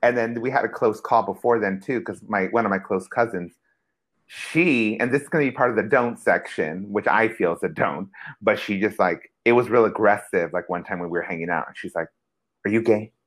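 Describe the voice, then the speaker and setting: A man's voice: fairly low pitch, a little fast. A young man in casual podcast chat, telling a personal story with animation and acting out the other voices in it. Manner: animated storyteller, acts out quoted voices, heavy use of "like". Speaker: podcast co-host.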